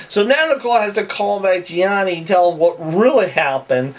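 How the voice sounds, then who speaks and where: A man's voice: a little high, big pitch swings, fast talker, few pauses, distant mic. A man giving off-the-cuff, opinionated commentary that rambles with asides and restarts.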